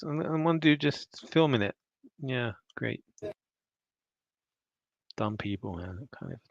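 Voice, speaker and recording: A man's voice: medium pitch, lively intonation, takes it slowly, gravelly, long pauses, no room sound. A man teaching and then commenting on news clips in a loose, conversational way, with scornful asides. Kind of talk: casual online commentary. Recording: dull lo-fi dry sound.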